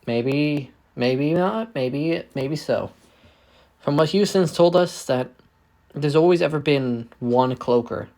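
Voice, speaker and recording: A man's voice: a little high, slow, darkish tone. A man voicing a young woman who leads a heist crew, fond but exasperated. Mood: wary.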